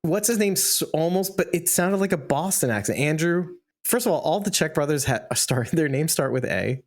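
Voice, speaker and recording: A man's voice: a little high, expressive, moderate pace. A man co-hosting a podcast, joking playfully and laughing a lot in casual chat. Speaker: podcast co-host.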